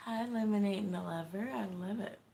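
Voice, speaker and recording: A woman with a Texan accent livestreams from her small home, speaking briskly in a mellow, mid-range voice with vocal fry. Laid-back and chatty, she laughs often and greets her viewers.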